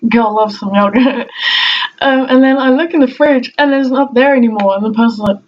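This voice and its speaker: A woman's voice: on the high side, normal speed. A young woman chatting casually to camera at home about her pet peeves. She laughs often and acts out what other people say. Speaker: vlogger. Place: room at home. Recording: dull lo-fi audio with faint noise.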